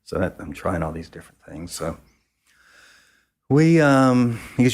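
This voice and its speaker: A man's voice: sits low, expressive, measured pace, darkish tone. A man from the American South, a photographer, casually telling a long anecdote and acting out what others said. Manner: rambling storyteller who acts out quoted speech. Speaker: photographer guest.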